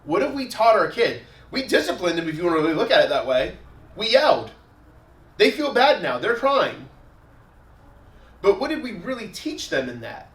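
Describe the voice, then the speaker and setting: A man's voice: sits high, sing-song, moderate pace, long pauses, recorded from a distance. A man preaching a sermon as a pastor in a conversational way, walking through everyday examples. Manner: conversational preaching, repeats "again", everyday scenarios. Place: church sanctuary. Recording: echoey room, voice from afar.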